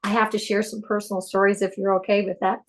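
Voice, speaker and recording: A woman guest on a podcast, telling personal stories in an excitable, animated way. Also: mid-range voice, fast. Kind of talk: casual spiritual interview chat.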